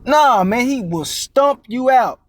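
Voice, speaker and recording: A man with a noticeably high voice delivers a casual street-style sermon. He cusses freely, drops "man" and "you know" constantly, and stalls on stammered repeats before pushing his point. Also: lively intonation, slow pace, dry recording. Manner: casual and profane, many fillers and "man", "all right?"; repeats words while searching, stammering restarts. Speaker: preacher.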